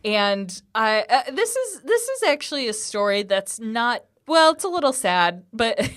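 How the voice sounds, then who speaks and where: A woman's voice: a little high, big pitch swings, normal speed, hardly any pauses, a bit bright. A young woman from Illinois co-hosting a podcast in casual chat, rambling and laughing often. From Illinois, USA. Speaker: podcast co-host. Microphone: studio podcast mic.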